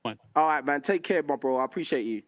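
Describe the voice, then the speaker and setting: A man's voice: on the high side, quick pace. A young man hosting a call-in show, arguing insistently and repeating himself. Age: young adult. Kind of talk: heated call-in argument.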